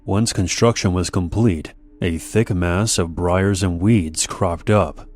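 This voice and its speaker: A man narrating a scripted horror story in a measured, steady storytelling manner. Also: sits low.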